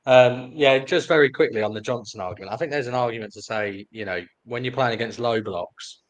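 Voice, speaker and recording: A man as a panel guest, giving measured, analytical points in a casual football discussion. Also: mid-range voice, rough recording.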